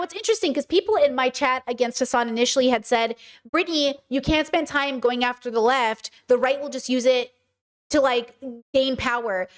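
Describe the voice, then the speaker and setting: High-voiced passionate woman streamer. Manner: passionate, emphatic, talks back to chat. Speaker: streamer commentator. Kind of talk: live stream commentary.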